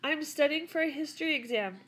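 A woman's voice: sits high, animated, brisk, fairly bright tone, voice pushed up. A woman reading as a shy studious teen girl. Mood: modest. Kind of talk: read-aloud of a class reader.

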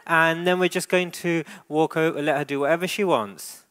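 A man's voice: on the high side, steady tone, normal speed, a bit bright. A man who works as a dog trainer, leading a live training demonstration and coaching handlers with frequent praise.

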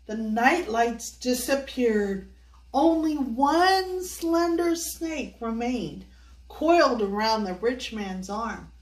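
An older woman reads a picture book to children, asking them sing-song questions and coaxing them along. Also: sits high. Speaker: children's storyteller. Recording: echoey room, voice from a distance.

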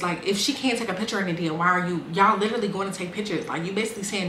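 A woman's voice: mid-range voice, racing, hardly any pauses, bright, forceful tone. A young woman, telling her life story casually and bluntly, swearing freely and acting out what people said. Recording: echoey room with faint ambient noise.

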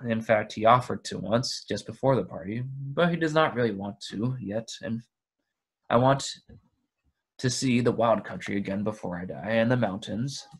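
A man voicing a fussy, possessive elderly male hobbit who rises to sharp, excited outbursts. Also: lowish voice, moderate pace, husky. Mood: wistful.

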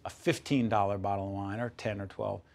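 A man's voice: fairly low pitch, flat delivery, brisk, creaky, a little mellow. A middle-aged man hosting a TV interview, enthusiastic and playful, often jumping in. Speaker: TV interview host.

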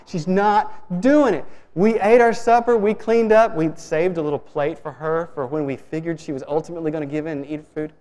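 A man preaching a sermon, telling a story in a relaxed, conversational way with many restarts. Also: high-pitched, normal speed, hardly any pauses. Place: church sanctuary. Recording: long reverb of a church hall.

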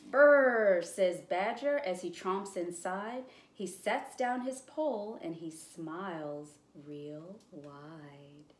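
A woman librarian reading a picture book aloud at storytime, with slow, expressive, encouraging delivery. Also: on the low side, roomy sound. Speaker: children's librarian.

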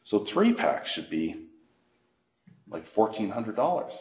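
Lively low-voiced man presenting a workshop. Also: slow. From Canada. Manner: animated storyteller, acts out phone calls. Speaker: financial educator. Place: library meeting room. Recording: echoey room.

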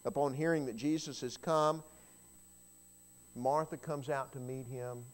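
A middle-pitched man delivers a storytelling sermon in church, his tone steady and his pace unhurried. He builds the tale dramatically, sinking to low, quiet passages before rising to loud, ringing cries. When starting a phrase, he tends to repeat a word or two.

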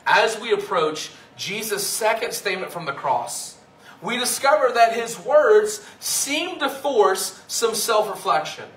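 A man with a high, bright voice preaching from the pulpit, taking his time over each phrase as he reads scripture and explains it. He sounds echoey and a little distant, picked up in a church hall. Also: lively intonation, a little hiss or hum. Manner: reads scripture aloud, then explains it slowly and earnestly. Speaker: pastor. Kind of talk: sermon. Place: church sanctuary.

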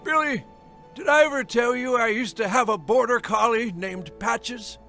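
A man voicing a forgetful elderly grandfather in a cartoon, who talks slowly and haltingly and trails off. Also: very high-pitched, sharp tone, faint music behind, exaggerated voice. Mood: fond. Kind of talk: cartoon voice acting.

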